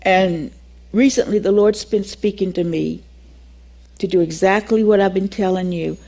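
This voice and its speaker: An older woman leads a Bible class and shares a story from her own life. She tells it with lively energy, acts out each exchange, and laughs easily as she talks. Her voice sits at an ordinary middle pitch for a woman. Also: moderate pace. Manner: animated storytelling, acts out dialogue, laughs often. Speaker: Bible teacher. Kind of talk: teaching class with personal testimony.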